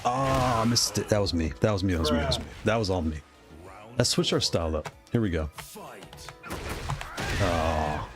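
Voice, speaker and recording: A man streaming a fighting game live, commenting on his matches with excitable outbursts and playful trash-talk aimed at his opponent. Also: sits low, normal speed, long pauses. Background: loud music.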